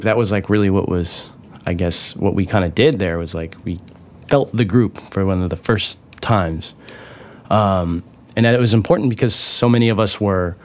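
A man telling his own recovery story in a casual, rambling way, with many fillers and restarts, swearing now and then and getting animated over the funny parts. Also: lowish voice, a little hiss or hum.

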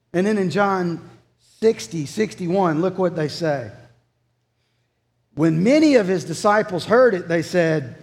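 A man's voice: sits high, expressive, measured pace, pauses often, darkish tone, long reverb tail. A man preaching a sermon as pastor, earnest and emphatic.

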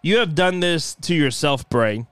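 Guy putting on a tired brooding wrestler, low and grim, slow. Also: animated, a bit bright, smooth, no room sound.

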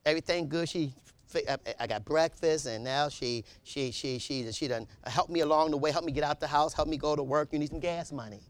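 A male preacher delivering an impassioned sermon, rising to shouts and calling out to his congregation. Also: a little high, fairly quick.

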